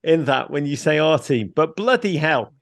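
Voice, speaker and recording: A man with a Liverpool accent, a guest in an interview, talking in a witty, excitable way with quick jokes. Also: on the high side, no echo, clean studio sound. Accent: Liverpool English. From Liverpool, England. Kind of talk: animated interview chat.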